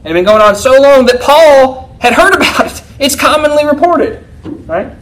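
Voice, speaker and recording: A man's voice: very high voice, animated, normal speed, fairly bright tone, rough recording. A man preaching a sermon to a congregation in a conversational style, often checking in with them by asking "right?". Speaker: pastor.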